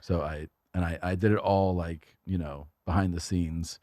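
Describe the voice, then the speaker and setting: A man's voice: deep voice, fairly even intonation, normal speed, dark tone, no room sound, clean studio sound. A man, a comedian guest on a podcast, talking in a rambling, profane, self-mocking way. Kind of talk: casual chat.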